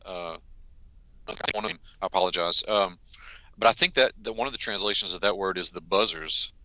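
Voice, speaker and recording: Deep-voiced guy, hesitant, lots of ums, dry close sound. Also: pushed and bright, no room sound, dull audio. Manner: hesitant, many fillers, earnest and measured. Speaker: guest researcher. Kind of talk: interview answers.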